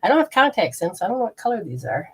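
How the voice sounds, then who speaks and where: Racing along in a husky, medium-pitched, sing-song voice, a woman leads a live energy healing session. She walks through hands-on techniques, rambling and frequently interrupting herself mid-sentence.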